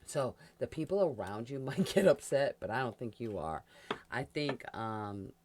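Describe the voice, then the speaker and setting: A woman giving a casual tarot reading, chatty and quick to laugh, talking straight to the sign she reads for. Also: rumbling low, expressive, noisy background. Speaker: tarot reader.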